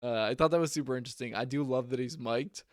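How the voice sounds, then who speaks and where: A man's voice: mid-range voice, quick pace, no room sound, studio quality. A young man co-hosting a sports podcast, chatting casually about football and laughing often. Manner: laid-back, laughs often. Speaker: podcast co-host.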